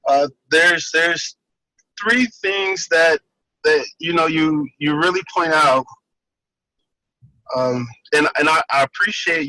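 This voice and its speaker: A man hosting an interview, responding in a slow, measured, reflective way. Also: on the high side, pushed and bright, dry recording, rough recording. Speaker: podcast host. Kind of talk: casual interview.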